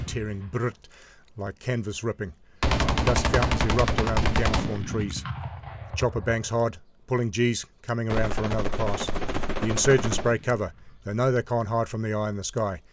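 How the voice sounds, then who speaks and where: A man in his sixties tells a first-person war story in a measured, vivid, present-tense way. His voice sits fairly low. It comes across as a dramatic telling by a veteran storyteller. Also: heavy background noise.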